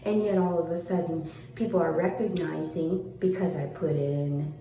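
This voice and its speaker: A woman's voice: fairly even intonation, moderate pace, warm tone. Sarcastic ranting woman, echoey room. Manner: sarcastic, mocking, calls the listener "honey"; profane, swings between high taunts and low mutters. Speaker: vlogger. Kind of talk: angry vlog rant.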